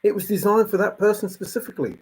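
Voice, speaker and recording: Exasperated husky man ranting. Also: high voice, fast talker, darkish tone, low-quality recording. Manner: emphatic, exasperated, repeats points. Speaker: treasure hunt commentator. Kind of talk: casual monologue to viewers.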